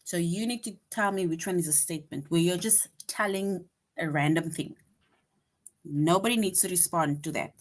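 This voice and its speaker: A woman with a slightly low voice teaches a lesson for young children. She is patient and slow, drawing out the example sentences she reads aloud. She keeps checking in with "right?". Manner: checks in often with rhetorical "right?".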